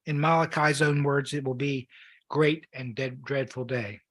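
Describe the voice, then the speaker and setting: A man preaching a sermon, reading scripture in an earnest, measured way while losing his voice. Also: mid-range voice, fairly even intonation.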